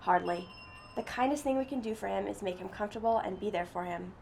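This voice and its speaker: Woman reading as steady male shelter worker, calm, reassuring, bit gravelly. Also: medium pitch, fast talker, slight background noise, natural voice. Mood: resigned.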